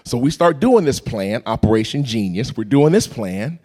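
Animated preaching man with lively pitch. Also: normal speed. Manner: animated, acts out voices and sounds. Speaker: pastor. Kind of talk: storytelling sermon.

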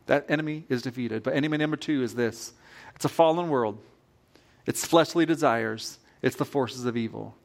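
A male pastor preaches with animated energy and often repeats his phrases to drive a point home. His voice sits a little higher than most men's. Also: moderate pace, creaky. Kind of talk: sermon.

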